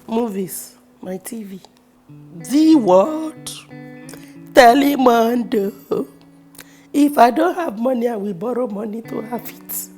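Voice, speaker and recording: A Nigerian actress telling personal stories in a casual, expressive way, with sudden loud bursts. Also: female voice, fairly high pitch, measured pace. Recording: music playing behind the voice.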